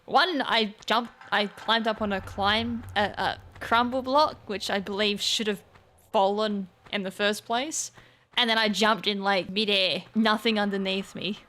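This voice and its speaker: Her medium-pitched voice is a bit bright and fairly even in intonation, and she takes her time as she plays on her gaming channel. The let's-play commentary is casual, with her thinking aloud, mocking her own slip-ups, and suddenly exclaiming.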